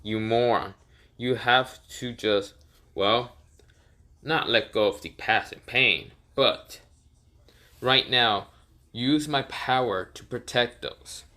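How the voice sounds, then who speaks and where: A man's voice: medium pitch, slow, pauses often, sharp tone. A man voicing a stern older male ninja who bluntly scolds a younger hero, in a fan story.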